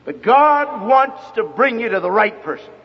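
An older man preaching a sermon, emphatic and telling stories with quoted dialogue, in a husky voice. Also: very high voice, sing-song, normal speed. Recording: dull lo-fi recording with long hall reverb.

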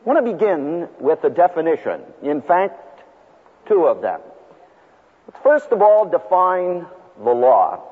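A man who is a seminary professor, giving a recorded teaching lecture in an emphatic, rhetorical way, stressing single words between long pauses. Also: a little high, sing-song, husky. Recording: phone-like lo-fi audio with long hall reverb.

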